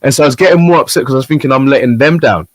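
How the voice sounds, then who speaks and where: This man, a guest on a chat show, rattles off a story very fast in a mid-range voice, animatedly playing the voices of its characters in casual chat. There's no room sound.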